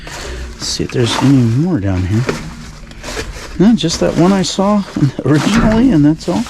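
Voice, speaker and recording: A man's voice: on the high side, lively intonation, moderate pace. A man narrating his night dumpster dive in a casual vlog, rambling with dry sarcasm and the odd sigh, recorded outdoors at night. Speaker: dumpster-diving vlogger. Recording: outdoor recording with clear background noise.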